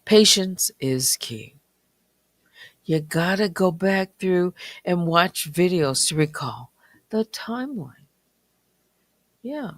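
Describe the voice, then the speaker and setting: A late-night stream host talks slowly and softly in a small warm room, sometimes sinking into a whisper. The voice is a little dry and strained, with a mid pitch. The sound is close and dry, with no room echo. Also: lively intonation. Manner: slow, quiet, often near a whisper.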